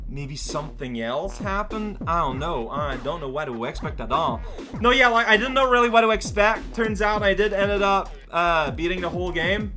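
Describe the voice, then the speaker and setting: A man giving casual gameplay commentary as a let's play host, rambling and goofy with excitable bursts. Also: high-pitched, moderate pace. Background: game music.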